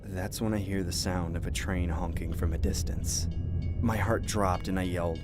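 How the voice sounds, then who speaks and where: A man's voice: low-pitched, steady tone, normal speed, music in the background. A young man narrating a true horror story in the first person, earnest and tense. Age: young adult.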